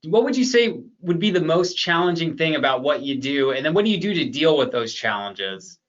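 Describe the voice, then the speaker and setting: A man's voice: fairly high pitch, sing-song, brisk, a bit bright, highs cut off. A man hosting a conversational interview, asking open questions and sounding reassuring. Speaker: interview host, Medicare advisor.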